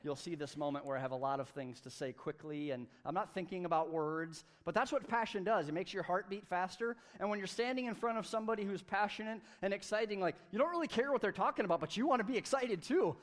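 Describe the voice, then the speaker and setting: A man preaching a sermon at a church service, energetic and conversational, with playful asides. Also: high-pitched, quick pace, few pauses. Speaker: pastor.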